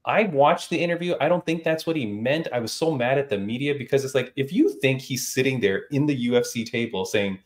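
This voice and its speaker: Teasing, animated male podcast host. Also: medium pitch, fairly quick, hardly any pauses. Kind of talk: casual chat.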